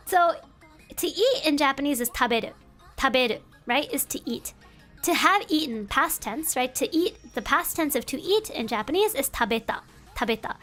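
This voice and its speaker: A woman's voice: high voice, animated, normal speed, fairly bright tone, faint music behind. A woman streamer explaining Japanese translation in a casual, playful, chatty way, full of fillers and tangents. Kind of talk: casual streamed language lesson.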